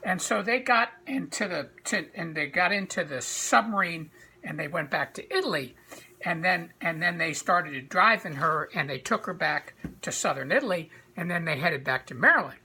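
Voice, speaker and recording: A woman improvising a children's story in an animated way, often restarting and repeating words. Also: on the low side, moderate pace, a little hiss or hum.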